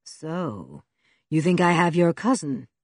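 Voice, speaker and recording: A woman's voice: deep voice, sing-song, takes it slowly, darkish tone, slightly rough, dry recording, studio quality, exaggerated voice. A woman voicing a cruel, mad, red-bearded male villain who snarls orders in an audiobook. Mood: menacing. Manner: snarling, commanding.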